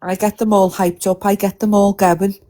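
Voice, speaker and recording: A woman hosting a live stream, teasing and playful, firing off quick questions in casual banter. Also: mid-range voice, little pitch movement, dark tone.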